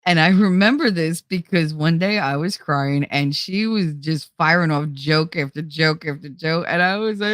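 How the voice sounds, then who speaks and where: Chatty laughing woman host, lowish voice. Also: normal speed, hardly any pauses, fairly bright tone, no echo, studio quality. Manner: chatty, laughs often, swears freely. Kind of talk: casual chat to viewers.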